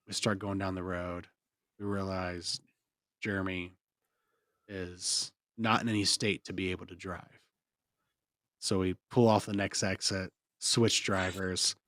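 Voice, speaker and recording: A man's voice: low voice, flat delivery, measured pace, long pauses, fairly bright tone, no echo, clean studio sound. Laid-back Midwestern guy telling a story. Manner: rambling, laughs mid-story. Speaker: podcast co-host. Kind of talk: casual storytelling chat.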